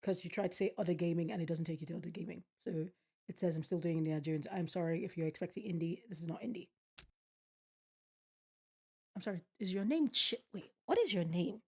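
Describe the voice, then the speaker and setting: A woman's voice: fairly low pitch, a little fast, darkish tone, slightly rough. A woman streaming a game, reading its text aloud and reacting with bemused, swearing commentary. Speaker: gaming streamer. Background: game music.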